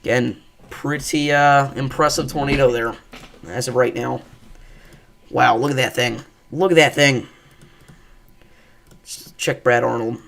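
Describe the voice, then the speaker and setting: A man with a gravelly, creaky voice hosts a live weather stream. He talks casually with plenty of fillers and gets excited over tornado footage. Again and again he breaks in to urge viewers to take shelter. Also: medium pitch, a little slow, long pauses. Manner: excited, repeats safety warnings. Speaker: livestream weather host. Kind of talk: live severe weather commentary.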